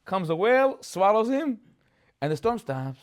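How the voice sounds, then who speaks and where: A rabbi gives a chatty Torah class, animatedly telling the stories, acting out characters and posing rhetorical questions. His male voice is high-pitched and very animated, at a normal speed.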